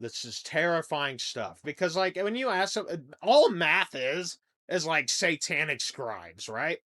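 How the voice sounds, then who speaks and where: A young man hosting a comedy podcast, rambling through a crude monologue that swings between loud outbursts and low mumbling. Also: big pitch swings, measured pace. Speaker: podcast host.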